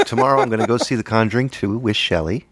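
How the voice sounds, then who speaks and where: A man's voice: on the low side, brisk, a bit bright, faint music behind. A man co-hosting a podcast, chatting casually and teasing his friend with jokes. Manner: joking, teasing, playful. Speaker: podcast co-host. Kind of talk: casual chat.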